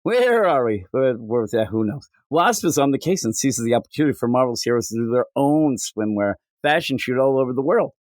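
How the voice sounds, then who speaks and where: A man's voice: mid-range voice, a little fast, hardly any pauses, a little mellow, no echo, studio quality. A man hosting a comics podcast, riffing jokily and putting on silly voices. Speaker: podcast host. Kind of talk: casual comedic chat.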